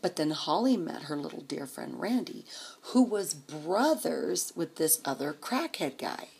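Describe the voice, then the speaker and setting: A woman's voice: sits low, sing-song, a little slow, gravelly, darkish tone, breathy edge. A woman vlogger telling a rambling, profane story in a casual way, chuckling as she goes.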